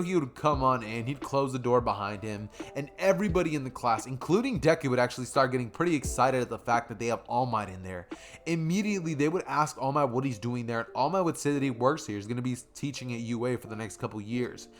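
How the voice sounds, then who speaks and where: A man's voice: medium pitch, lively intonation, fast. Rambling young man telling a fan story. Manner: rambling, slangy, self-correcting, chuckling at his own jokes. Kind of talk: casual spoken fan story narration.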